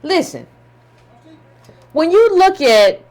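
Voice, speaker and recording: A woman's voice: very high voice, sing-song, slow, a little mellow. A woman giving impassioned political commentary, emphatic and scolding, with colloquial phrasing and repetition.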